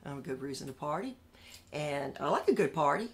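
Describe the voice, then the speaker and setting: A woman telling her story in a candid interview, animated and emphatic, repeating phrases for punch and swinging between loud outbursts and hushed asides. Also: sits low, fairly quick, vocal fry.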